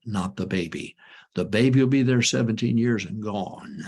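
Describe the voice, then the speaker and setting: An older male pastor with a low, gravelly, husky voice. He talks in a folksy, emphatic way and drives his points home by repeating them. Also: moderate pace, darkish tone. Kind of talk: folksy ministry advice talk.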